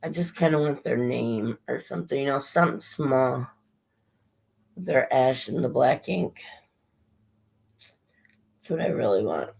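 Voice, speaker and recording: A woman's voice: a bass voice, animated, a little slow, creaky, long pauses, a little mellow, slightly rough, low-quality recording. A woman chatting casually on a livestream, rambling and swearing a little as she greets viewers by name, her voice strained and short of breath.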